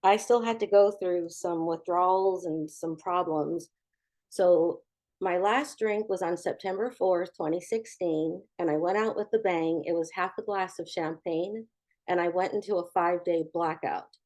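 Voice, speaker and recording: Candid storytelling woman, low voice. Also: a little slow, a little mellow. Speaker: recovery speaker. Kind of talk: personal recovery testimony.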